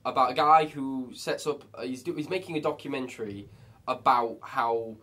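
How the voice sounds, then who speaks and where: Bright-voiced excitable man. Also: moderate pace. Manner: animated, laughing, excitable, voice jumps higher. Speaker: film review podcast co-host. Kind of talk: casual chat.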